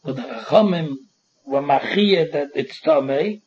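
A man's voice: a little high, a little slow, a little mellow, breathy edge. A man giving a Torah lecture, emphatic and repetitive with a sing-song study cadence. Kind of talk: Talmud lecture mixing Yiddish and Hebrew terms. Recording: dull lo-fi recording.

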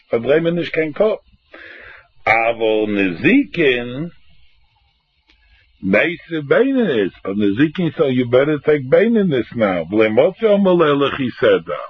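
A man teaching a Talmud class, acting out both sides of the argument in an animated singsong. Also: mid-range voice, unhurried, husky, no room sound. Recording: dull lo-fi recording.

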